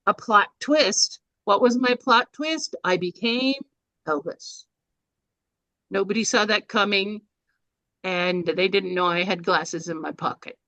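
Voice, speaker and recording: A woman's voice: mid-range voice, takes it slowly, sharp tone, no room sound. Chatty older woman teaching a workshop. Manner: chatty, informal, with fillers and restarts. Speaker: workshop presenter. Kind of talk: speaking workshop. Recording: dry, slightly dull recording.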